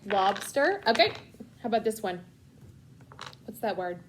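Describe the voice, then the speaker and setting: A woman's voice: medium pitch, sing-song, unhurried, background noise. A woman tutoring a child in reading, patient and encouraging, with bursts of praise. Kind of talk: one-on-one reading lesson with a child.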